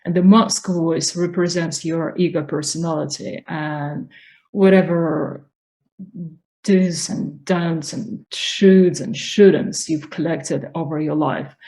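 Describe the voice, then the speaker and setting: A woman coaching on spiritual growth, speaking slowly and calmly. Her voice sits a little low, and she explains each point patiently and deliberately. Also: rough recording. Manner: slow, calm, explanatory. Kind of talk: instructional talk on voice.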